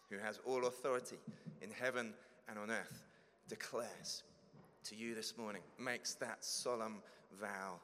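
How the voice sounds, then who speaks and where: A man with a low voice preaches an earnest sermon, leaning hard on key words and slowing for emphasis. His voice carries the long reverb of a large church hall. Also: sharp tone, slight background noise. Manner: earnest, emphatic, slows for stress. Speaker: pastor.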